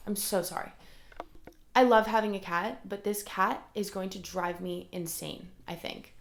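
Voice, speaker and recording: A woman's voice: medium pitch, unhurried, a bit bright. Earnest woman podcaster in a roomy space. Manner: earnest, rambling, frequent "like" fillers. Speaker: podcast host. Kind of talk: solo motivational podcast talk. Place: room at home. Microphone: recorded alongside a camera.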